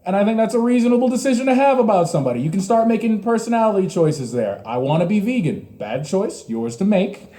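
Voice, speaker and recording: A man's voice: sits high, sing-song, fast, few pauses, mellow. A man in his twenties doing open mic stand-up, with crude, ranting, self-mocking jokes. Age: 20s. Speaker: stand-up comedian. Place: small comedy venue.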